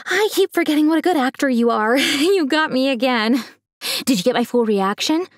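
A woman voicing an excitable mother who makes prank videos, her voice going high and shaky when upset. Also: normal speed, dry recording, studio quality. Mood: amused.

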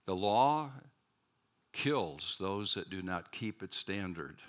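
A man preaching a chapel sermon at a seminary, lively and dramatic, with rhetorical questions and wry asides to his listeners. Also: low-pitched, slow.

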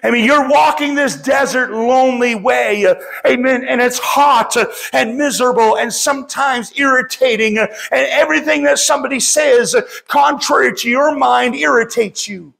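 A man's voice: extremely high pitch, moderate pace, gravelly, few pauses, fairly bright tone. A middle-aged man preaching a sermon as pastor, impassioned and often calling out to the congregation.

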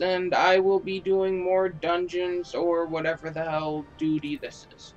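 A man's voice: fairly high pitch, little pitch movement, unhurried, hardly any pauses. A man giving casual, joking commentary over a video game, mocking himself and swearing freely. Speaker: gaming video creator.

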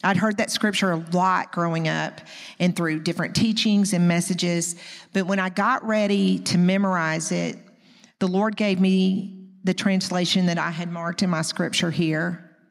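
A woman's voice: fairly low pitch, steady tone, a little slow, creaky. A woman in her fifties giving a personal, conversational teaching message at a women's conference, talking straight to the audience. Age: 50s. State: close to tears. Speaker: women's ministry speaker. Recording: long echo of a large hall.

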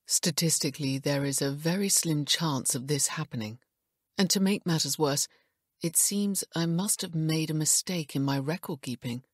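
A woman's voice: deep voice, darkish tone, no room sound, studio quality. A woman voicing a composed, guarded male clinic director who speaks formally and carefully. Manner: clipped, formal, measured. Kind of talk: audiobook character voice.

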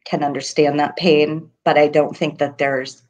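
Low-voiced grieving mother, halting speech. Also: little pitch movement, darkish tone, highs cut off. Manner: halting, many ums, voice breaking with grief. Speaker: guest, mother of a murder victim. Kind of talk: emotional interview.

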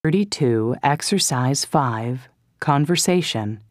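A woman narrating an English course, announcing exercise numbers and instructions in a measured way. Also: a bass voice, animated, a little mellow, no echo, studio quality.

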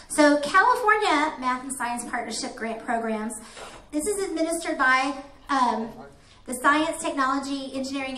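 A woman presenting to a room of teachers, telling the story in a chatty, animated way with playful asides. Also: high voice. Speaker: grant coordinator presenting to teachers. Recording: echoey room, faint noise.

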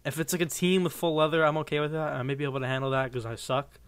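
A man's voice: on the high side, little pitch movement, racing, no echo. Goofy young man narrating his gameplay. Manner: goofy, rambling, joking with viewers. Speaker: gaming channel host. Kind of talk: playing a game with live commentary.

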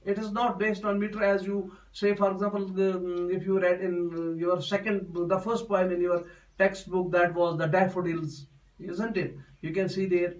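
Man teaching a poem, repeats stuff a lot, voice kinda high and a bit far from the mic. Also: flat delivery, moderate pace. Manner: repetitive, explains step by step with many restarts. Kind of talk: classroom poetry lesson.

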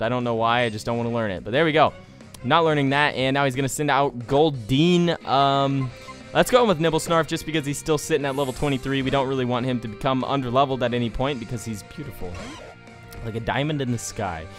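A man hosting a video game let's play, talking straight to his viewers with jokey, excitable commentary. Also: mid-range voice, a little fast, soft background music.

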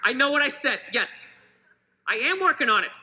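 A man doing a stand-up comedy rant, swearing heavily and shouting in mock anger. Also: extremely high pitch, big pitch swings, moderate pace, slight background noise. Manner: angry ranting, heavy swearing, shouting.

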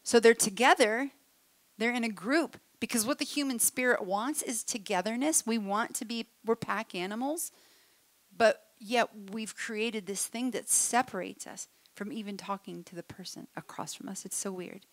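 A woman's voice: a little high, moderate pace, no echo. A woman speaker telling a humorous story to a live audience, acting out voices as she goes. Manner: animated, humorous, acts out voices. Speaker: conference speaker.

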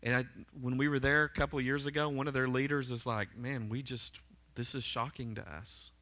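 A man's voice: medium pitch, fairly even intonation, fairly quick, bright, forceful tone. A man preaching a sermon as pastor to his congregation, emphatic and fervent, often checking in with "right?" and "amen?". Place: church sanctuary.

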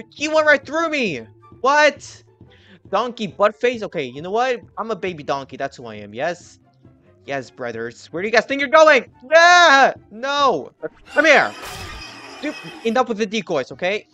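A man hosting a gaming channel, giving excited gameplay commentary while taunting the other players and often yelling. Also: sits high.

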